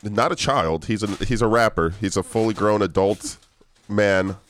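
A man's voice: fairly low pitch, normal speed, fairly bright tone. A hungover young man co-hosting a casual podcast, talking in a groggy, mumbling way and swearing often. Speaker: podcast co-host. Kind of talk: casual chat.

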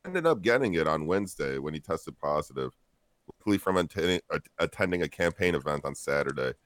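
A man's voice: rumbling low, animated, fairly quick, no echo. A man co-hosting a podcast in casual chat, laid-back and rambling as he brings up news items. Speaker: podcast co-host.

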